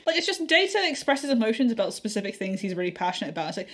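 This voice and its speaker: A woman's voice: mid-range voice, big pitch swings, rapid-fire, a bit bright. A woman co-hosting a podcast in casual chat, enthusiastic and often laughing. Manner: enthusiastic, laughing, swearing freely. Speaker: podcast co-host.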